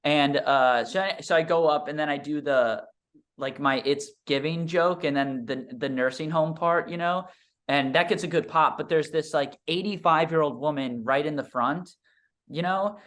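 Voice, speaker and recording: A man's voice: a little high, normal speed, a bit bright. A young man, a stand-up comedian, telling a story in a casual, rambling, self-deprecating way with lots of fillers. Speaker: stand-up comedian and podcast guest.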